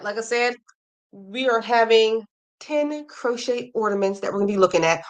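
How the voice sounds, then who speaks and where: Chatty American woman in her forties, livestream host, mid pitch, loose and rambling. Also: a bit bright. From United States. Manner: chatty, goes off on tangents. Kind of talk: casual livestream chat. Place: home with a Christmas tree.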